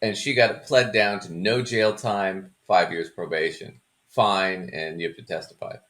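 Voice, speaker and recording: Chatty low-voiced man, laughing a lot. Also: steady tone, moderate pace, fairly bright tone. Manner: laughs often, joking and chatty. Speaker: podcast host. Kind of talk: casual chat.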